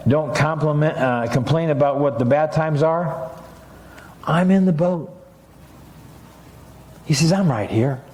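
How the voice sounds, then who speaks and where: Lively conversational preacher, a man. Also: on the high side, slow, pauses often, roomy sound. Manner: conversational preaching with rising emphatic passages. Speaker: pastor. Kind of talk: sermon. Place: church sanctuary.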